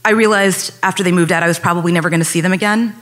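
A woman's voice: lowish voice, fairly even intonation, rapid-fire, fairly bright tone. A young adult woman telling a personal story on stage, earnest and reflective, speeding up when recalling tense moments.

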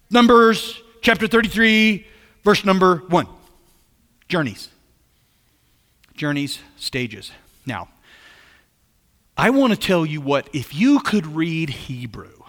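A man with a high, bright voice preaches a sermon as pastor. He talks in an animated way, repeats his phrases and keeps asking his listeners questions. His voice carries a long reverb, as in a large hall.

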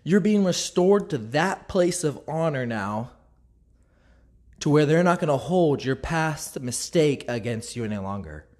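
A man's voice: fairly high pitch, animated, unhurried, darkish tone. A man speaking candidly and reflectively as a Christian speaker, telling a personal faith story and acting out the dialogue he quotes. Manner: reflective, openly vulnerable.

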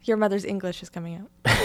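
A woman hosting a podcast in casual chat with a guest, chatty and quick to laugh. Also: medium pitch, darkish tone. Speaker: podcast host.

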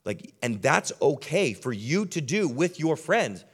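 A young adult male pastor giving a sermon, who moves from quiet, low storytelling to loud, emphatic preaching. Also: very animated, unhurried, hardly any pauses, slightly rough.

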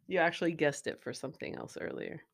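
Giggly low-voiced woman podcast host. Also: very animated, fast, creaky. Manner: giggly, laughs often. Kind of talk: casual movie-trivia chat.

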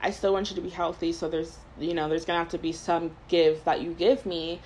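A woman's voice: on the low side, flat delivery, brisk, darkish tone, a little hiss or hum, poor audio. A woman in her twenties hosting a podcast, telling a long story in casual chat, rambling with lots of "like" and laughing between thoughts. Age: 20s. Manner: rambling storyteller, heavy use of "like". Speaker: podcast host.

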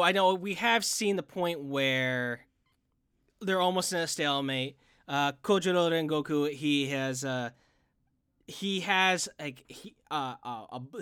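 Man, casual co-host, bright and clear, excitable rambler, dry close mic. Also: fairly high pitch, no echo. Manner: excited, rambling with many restarts and fillers. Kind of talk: casual chat reviewing an anime film.

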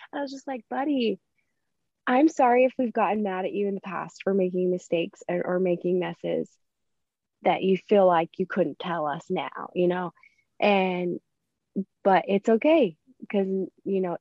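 A woman hosting a podcast in casual chat, laughing often and acting out quoted lines with big jumps in pitch. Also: no room sound. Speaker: podcast host. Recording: dull dry sound.

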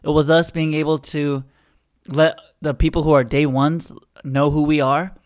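A young man co-hosting a podcast, chatting casually and acting out quotes with growing excitement. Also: mid-range voice, clean tone. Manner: animated storyteller, acts out quotes with rising excitement. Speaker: podcast co-host. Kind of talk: casual chat.

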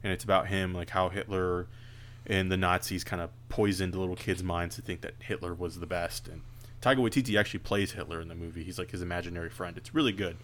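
A man co-hosting a casual podcast, animated and joking, quick to laugh. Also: deep voice, slight background noise. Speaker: podcast co-host.

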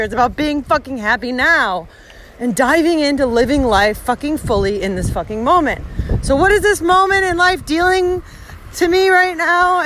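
A woman's voice: high voice, poor audio. A woman podcast host walking along a village road outdoors, giving an emphatic, heavily profane reflective monologue. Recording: windy outdoor recording with background noise. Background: wind and outdoor ambience.

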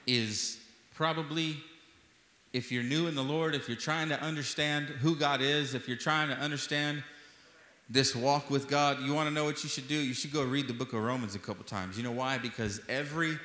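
A man's voice: mid-range voice, bright, forceful tone. A man preaching an impassioned sermon as pastor, repeating phrases for emphasis. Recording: echoey hall with long reverb.

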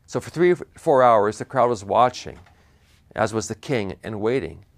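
A man preaching a sermon, retelling a Bible story with animated asides and frequent restarts. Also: lowish voice, moderate pace.

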